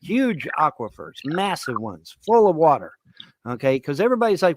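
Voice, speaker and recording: A man hosting a show, ranting in profane, repetitive bursts with many halting fillers. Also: fairly high pitch, big pitch swings, no room sound. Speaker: host. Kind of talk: ranting commentary.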